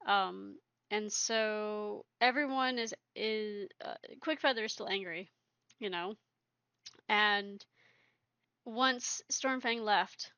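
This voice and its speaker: A woman's voice: medium pitch, slow pace, sharp tone, smooth, dry recording. A woman casually narrating her video game story, rambling with lots of fillers. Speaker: video creator.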